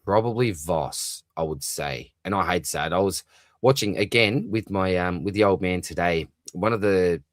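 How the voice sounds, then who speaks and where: Low-voiced Australian man chatting on a live stream. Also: normal speed, dry recording. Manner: chatty, matey, calls everyone mate, lots of fillers. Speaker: fantasy football livestream host. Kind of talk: live stream reading and answering chat comments.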